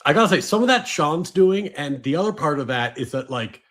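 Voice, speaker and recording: A man's voice: on the high side, lively intonation, fairly quick, a bit bright. A man hosting a political podcast, chatting loosely and reading out viewer messages. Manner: conversational, reads chat messages. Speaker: lawyer and podcast host. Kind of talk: casual political chat.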